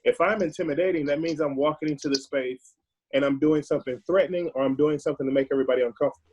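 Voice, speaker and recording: A man speaking as a podcast guest in a casual discussion, earnest and forceful, often restarting his words. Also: on the high side, very fast, low-quality recording.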